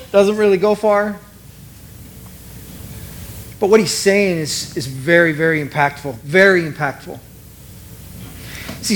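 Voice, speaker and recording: A middle-aged man preaching a sermon, animated and conversational, acting out both sides of the dialogue he retells. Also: high voice, a little hiss or hum. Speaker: pastor.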